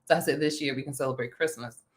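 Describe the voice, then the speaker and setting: A woman hosting a casual chat, animated and talkative, laughing often. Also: rumbling low, quick pace. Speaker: vlog host.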